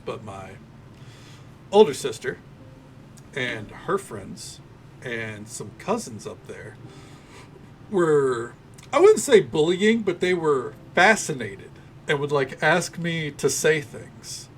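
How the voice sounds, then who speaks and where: A man streams a game and chats loosely with his viewers, his light Tennessee drawl coming through in an easygoing ramble thick with fillers. He speaks slowly in a medium-pitched, sing-song voice, with slight background noise.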